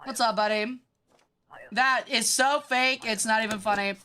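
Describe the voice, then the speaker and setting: A woman streaming a game with casual commentary. She sounds bratty, swears freely and reacts fast. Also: fairly high pitch, steady tone, bright, forceful tone.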